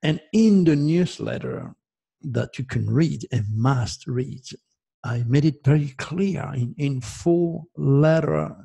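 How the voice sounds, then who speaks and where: A man's voice: mid-range voice, vocal fry, dark tone, slightly rough. A man from France with a French accent, a native French speaker, giving an emphatic, self-promoting monologue as host and repeating himself. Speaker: astrologer host.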